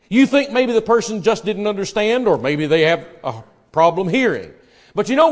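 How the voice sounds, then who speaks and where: A man with a fairly high voice delivering a sermon. He preaches with loud emphasis to his listeners, then drops to a soft, hushed voice when retelling dialogue.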